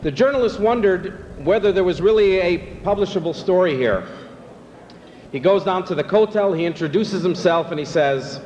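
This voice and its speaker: A man acting as master of ceremonies at a banquet, telling jokes with relaxed, easy pacing. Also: sits high, normal speed, long reverb tail, muffled recording, slight background noise. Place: banquet hall.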